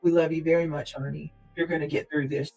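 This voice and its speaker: Woman livestreamer clearing her throat often. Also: sits low, level tone, quick pace, darkish tone, lo-fi sound, faint music behind. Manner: earnest, prayerful, speaks straight to viewers. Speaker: livestream host. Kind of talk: casual livestream chat.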